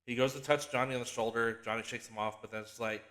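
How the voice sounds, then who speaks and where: Man, podcast host, casual excited recap, lots of swearing, trips over his words, medium pitch. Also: fast talker. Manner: excitable, profane, animated storytelling; swears often, restarts sentences.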